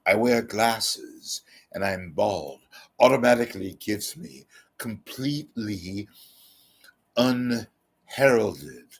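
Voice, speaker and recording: A man puts on a vain, pompous author with a British accent, dragging out each phrase in self-admiring satisfaction. The low voice stays gravelly and unhurried. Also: full character voice. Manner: smug, drawn-out and self-satisfied.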